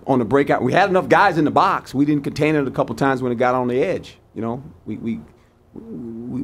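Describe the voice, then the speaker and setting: A gravelly-voiced man in his sixties, speaking at an ordinary middle pitch. He answers press questions as a head coach, folksy and repetitive, often acting out what gets said on the headset. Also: darkish tone. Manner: folksy, repetitive, acts out sideline exchanges.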